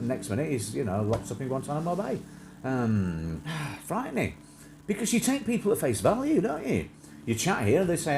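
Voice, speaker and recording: A man's voice: mid-range voice, very animated, moderate pace, creaky, background noise. A man hosting a live stream, rambling in a jokey, casual way with frequent laughs and restarts. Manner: chatty, jokey, laughs often, many restarts.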